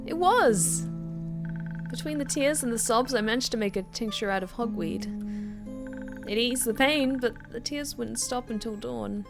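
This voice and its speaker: Woman voicing a shy, self-mocking tavern patron, hushed, fairly high, apologetic. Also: moderate pace, creaky. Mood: rueful. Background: background music.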